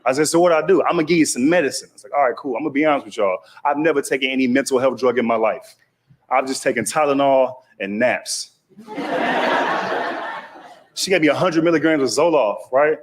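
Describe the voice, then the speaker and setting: A man's voice: mid-range voice, brisk. A man from Texas with a Texas accent, telling a stand-up comedy story and acting out the voices of other people.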